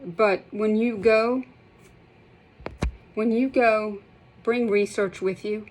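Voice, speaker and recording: A middle-aged woman with a drawl speaks straight to camera in an emotional vlog. She sounds impassioned and shaky, close to tears, and repeats and restarts her sentences. Her voice sits at an ordinary middle pitch. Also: steady tone, takes it slowly, slight background noise, rough recording. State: shaky, holding back tears. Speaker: healthcare provider sharing her withdrawal experience.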